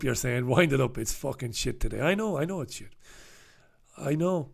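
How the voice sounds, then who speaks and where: A man from the UK hosts a comic look through the papers on his own. His voice sits at an everyday middle pitch, and he rambles, swears freely and breaks into bits of song. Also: expressive, moderate pace, creaky. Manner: swearing, rambling, sings snatches of songs. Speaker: host. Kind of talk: comic newspaper review monologue.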